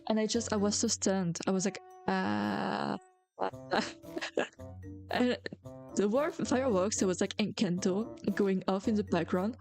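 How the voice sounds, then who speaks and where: A woman's voice: medium pitch, normal speed, a little mellow, soft background music. A young adult woman, a native French speaker, chatting casually on a stream, rambling with lots of filler words and giggles. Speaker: VTuber streamer.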